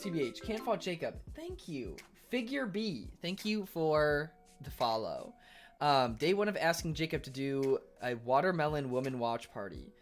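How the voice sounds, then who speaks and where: Male streamer bantering with chat, sarcastic, often exasperated, very expressive intonation. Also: mid-range voice, normal speed, faint music behind. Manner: sarcastic, swears, flares into loud exasperation. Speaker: Twitch streamer reading chat. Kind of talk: casual livestream chat with viewers.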